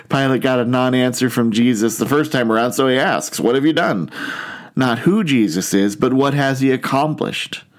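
A man as pastor preaching an earnest sermon, often turning to rhetorical questions for his listeners. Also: mid-range voice.

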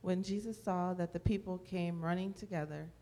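A woman in a Bible study group reading a scripture passage aloud in a steady voice. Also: fairly low pitch, moderate pace.

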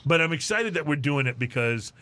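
A man's voice: on the high side, expressive, fairly quick, sharp tone, a little hiss or hum. A man hosting a casual podcast chat, talking with many fillers and laughing often. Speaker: podcast host.

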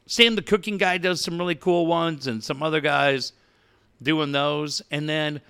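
A middle-aged man co-hosting a radio talk show, telling animated stories and swearing casually. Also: fairly high pitch, a little slow, creaky, clean tone. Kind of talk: casual chat.

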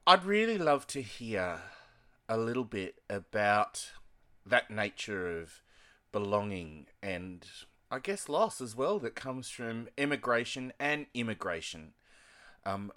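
A man with an Australian accent hosts a conversational interview, his voice bright and forward. He tells long, winding anecdotes that often restart mid-thought. His talk is scattered with "you know"s. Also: mid-range voice. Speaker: interviewer hosting an author.

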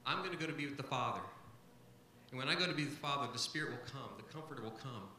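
A man's voice: mid-range voice, racing, pushed and bright, reverberant, slight background noise, rough recording. A man, a pastor, preaching a sermon to a congregation, stressing key points by repeating them. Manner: emphatic, repeats key phrases.

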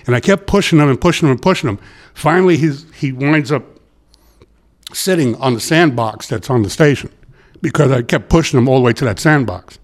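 In a mid-range voice that runs a little fast, a middle-aged retired transit worker tells stories for an interviewer. The talk is casual, and he animatedly plays out the quotes.

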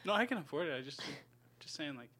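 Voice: medium pitch, big pitch swings, quick pace, bright, forceful tone. A podcast co-host in casual comedic chat, laid-back and jokey with a slacker drawl of "like" and "dude.".

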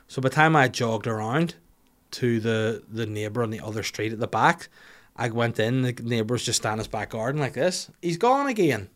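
A man's voice: medium pitch, normal speed. Northern Irish man telling a sweary story. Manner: animated, sweary, self-mocking storyteller. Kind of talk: casual storytelling chat.

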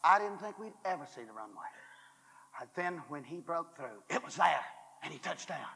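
A man preaching a fiery revival sermon, booming and shouting at the climaxes, then dropping to hushed asides, recorded in a hall at a 1980s college revival. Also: sing-song, normal speed, vocal fry, breathy edge. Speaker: former church superintendent. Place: college chapel revival service.

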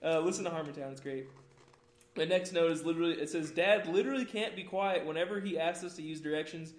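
A man's voice: fairly high pitch, fast talker. A young man hosting a podcast, reading his notes aloud and telling stories with lots of laughing and swearing. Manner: laughs often, swears freely, animated storytelling. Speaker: podcast host. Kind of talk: casual group chat, reading notes aloud. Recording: echoey room.

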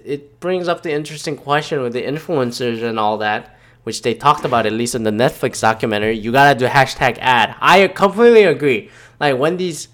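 A man hosting a podcast, talking in a rambling, profane way and acting out quoted people as he goes. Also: mid-range voice. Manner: rambling, profane, animated retellings. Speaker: podcast host. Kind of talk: casual monologue.

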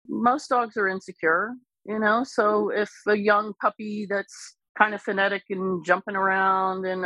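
A woman dog trainer speaking as an interview guest, explaining patiently and calmly, with lively bursts when she imitates other people. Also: lowish voice, no echo, low-quality recording. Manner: calm, explains patiently, animated when imitating excited owners. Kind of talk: casual explanatory interview talk.

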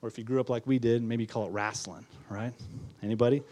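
A man's voice: mid-range voice, steady tone, rapid-fire, dark tone. A male pastor preaching a sermon to his congregation in an earnest manner, repeating key phrases and putting questions to the listeners. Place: church before a congregation.

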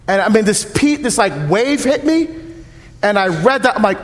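A man's voice: sits high, normal speed. A man in his fifties, a deacon, giving a humorous, story-driven parish mission talk in a church. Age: 50s. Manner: lively storytelling, humorous, acts out dialogue. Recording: long church reverb.

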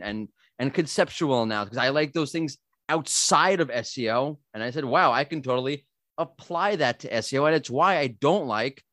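A man's voice: medium pitch, fairly bright tone, dry recording. A man hosts a podcast in a loose, joking way, teasing himself and often restarting his sentences. He is from Brooklyn. His voice is recorded close and dry, with no room sound. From Brooklyn, USA. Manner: joking, self-mocking, rambling with restarts. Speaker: podcast host. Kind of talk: casual podcast chat.

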